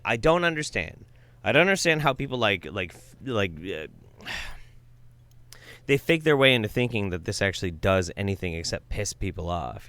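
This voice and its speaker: A man's voice: on the low side, bright, forceful tone, dry recording. A man hosting a video commentary, talking in a profane, exasperated way. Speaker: commentary host.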